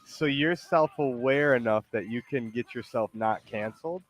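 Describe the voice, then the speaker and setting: A man's voice: mid-range voice, moderate pace, faint music behind. A man hosting a stream in casual chat, loose and teasing, with lots of likes and ums. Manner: loose, rambling, teasing, many fillers. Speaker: streamer host.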